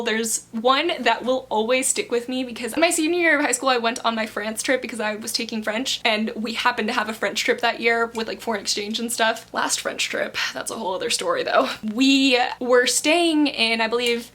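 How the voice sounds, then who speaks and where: Chatty, excitable young woman unboxing. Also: a little high. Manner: chatty, rambling, lots of "like", bursts of excitement. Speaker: booktuber unboxing book subscription boxes. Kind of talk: casual chatty unboxing vlog.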